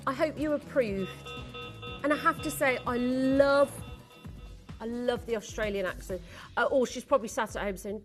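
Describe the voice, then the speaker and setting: A woman presenting on a live shopping channel, gushing and excitable as she sells jewellery and home goods from a studio. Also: fairly high pitch, moderate pace, soft background music. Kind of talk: live selling pitch.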